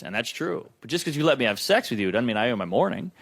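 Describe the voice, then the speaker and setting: A man's voice: on the high side, very animated, racing, a bit bright, slight background noise. A man performing a stand-up comedy set on a club stage, wry and self-deprecating, acting out both sides of his stories.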